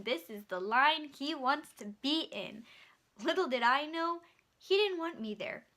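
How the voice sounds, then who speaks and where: A woman's voice: sits high, pushed and bright. A woman in her twenties chatting animatedly to her channel, telling work stories and swearing freely. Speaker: vlogger. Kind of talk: casual storytelling.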